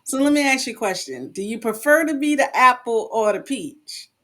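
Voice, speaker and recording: A woman's voice: a little high, expressive, moderate pace, a bit bright. A woman hosting a live podcast interview, asking playful questions. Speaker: podcast host.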